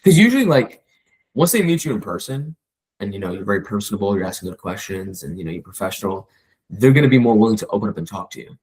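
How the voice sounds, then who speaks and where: A man with a fairly low, husky voice talks at a rapid clip. He coaches a colleague in a loose, conversational way and jumps into quick acted-out bits of client calls. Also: rough recording. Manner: fast, animated, acts out client calls in quoted voices. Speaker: real estate agent coaching a colleague. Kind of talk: casual coaching chat.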